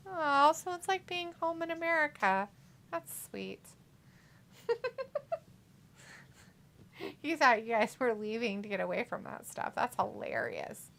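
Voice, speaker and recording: A woman with a fairly high, sharp voice co-hosts a casual watch-along livestream. She reads viewers' comments out loud, playful and giggly, swearing loosely as she goes.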